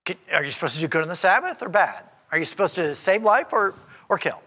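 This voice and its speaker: A preacher voicing a calm, exasperated teacher confronting critics. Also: male voice, high voice, quick pace, husky, long reverb tail, exaggerated voice. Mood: challenging. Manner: plain-spoken, pointed questioning.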